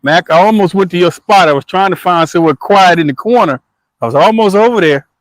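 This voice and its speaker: A man's voice: high voice, a little fast, dry recording, poor audio. A man on a fishing livestream, chatting casually and rambling about bank fishing, with plenty of fillers and restarts. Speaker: guest angler on a livestream. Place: riverbank outdoors.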